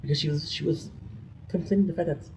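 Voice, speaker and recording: A man's voice: a little high, fairly even intonation, fast talker, a little mellow, a little hiss or hum, low-quality recording. A man vlogging an emotional personal rant, rambling and frustrated, often restarting his sentences.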